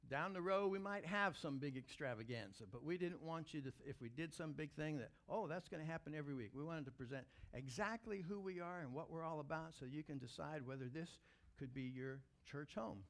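A man's voice: on the high side, a little fast, fairly bright tone. A middle-aged man preaching a sermon as senior pastor, talking conversationally and building to emphatic peaks.

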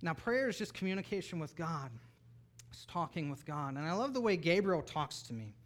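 A man in his thirties preaching a sermon as pastor, animated, swinging from soft asides to near-shouted bursts. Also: a little high, brisk.

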